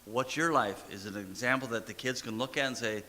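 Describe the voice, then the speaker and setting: Folksy preacher in a reverberant church. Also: male voice, mid-range voice, brisk, sharp tone. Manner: folksy, plain-spoken, repeats short commands. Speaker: pastor. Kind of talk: sermon. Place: church sanctuary.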